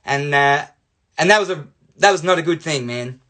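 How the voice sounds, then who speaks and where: A young Australian man telling a personal story to camera in a chatty, animated way, full of "you know" and "like". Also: on the high side, normal speed. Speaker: life coach.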